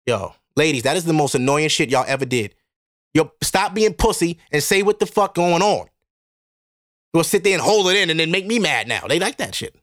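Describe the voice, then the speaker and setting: A man's voice: high voice, lively intonation, a little fast, fairly bright tone, no room sound, clean studio sound. A man hosting a casual solo podcast, talking bluntly and profanely to his listeners and laughing often. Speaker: podcast host.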